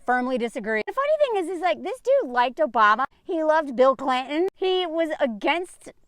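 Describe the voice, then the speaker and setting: A woman talks straight to her viewers in a high, bright-pitched voice, casual and sarcastic. She laughs often and strings her thoughts together with plenty of "like". The sound is close and dry, with no room around it. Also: sing-song, moderate pace, no room sound. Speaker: commentary vlogger. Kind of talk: casual opinion commentary.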